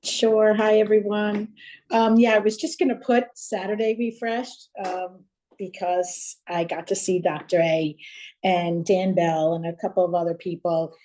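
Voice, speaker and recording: A woman's voice: mid-range voice, fairly even intonation, measured pace, mellow. A middle-aged woman sharing earnestly on a group video call, with many fillers. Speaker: call participant.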